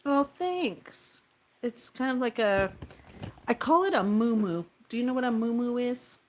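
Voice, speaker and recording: A woman talks casually to her live chat from her room at home. She is playful and teasing and laughs a lot, and her voice sits slightly on the high side. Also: unhurried, a little hiss or hum. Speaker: live streamer. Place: home room with window open.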